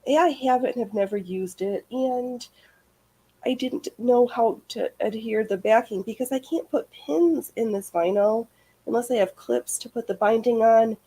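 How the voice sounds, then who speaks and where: A woman co-hosting a casual sewing livestream with a husky voice, making dry, blunt remarks. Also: a little high, moderate pace, warm tone. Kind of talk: casual chat while sewing.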